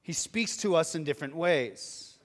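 A man's voice: a little high, animated, moderate pace. A male pastor preaching a sermon, earnest and building to urgent exhortation. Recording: long hall reverb.

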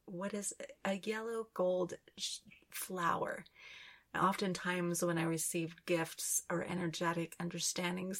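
Slow, gravelly-voiced woman channeling. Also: lowish voice, a bit bright. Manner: slow, dreamy, describing inner visions. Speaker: podcast host. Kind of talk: spoken channeling session.

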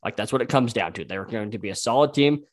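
A man in relaxed sports talk with an easygoing manner, often pausing on um and like as he works through his points. His voice has an ordinary middle pitch. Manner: easygoing, many fillers like um and like. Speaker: podcast co-host. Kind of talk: casual sports chat.

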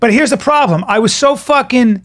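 Animated, profane man from New York. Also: very high voice, moderate pace. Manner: profane, animated storytelling with restarts. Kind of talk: casual podcast chat.

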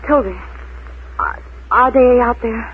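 An actress playing a frightened young wife of a gangster in a 1940s radio play, stammering and pleading. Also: female voice, on the high side, a little slow, slight background noise, close to an everyday voice. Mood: fearful. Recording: tinny old radio broadcast.

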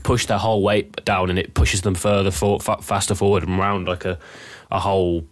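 Hesitant lower-voiced man. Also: flat delivery, normal speed, no room sound. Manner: hesitant, stumbling restarts. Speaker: podcast co-host. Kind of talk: casual chat.

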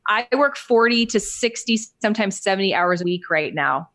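Woman, podcast guest, business coach, lively storyteller, mid pitch, dry close sound. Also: normal speed, dry recording. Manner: animated storyteller, acts out quoted voices with big jumps up. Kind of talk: casual interview storytelling.

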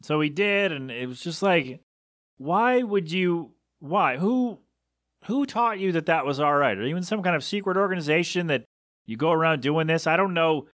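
Podcast guy going off in disbelief, kinda high voice, dry close mic, bit of a cough. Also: lively intonation, moderate pace, fairly bright tone, no echo. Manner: exasperated, incredulous ranting with rhetorical questions. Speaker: podcast host. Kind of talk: solo podcast rambling.

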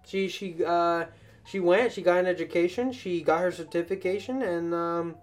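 Young man telling animated podcast stories. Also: high voice, normal speed. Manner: animated storytelling, swings into loud mock voices. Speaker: podcast host. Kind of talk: casual podcast chat.

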